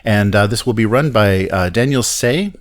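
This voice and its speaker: A man hosting a casual tabletop games podcast, chatting with lots of fillers, quick laughs and skeptical asides. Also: fairly low pitch. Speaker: podcast host.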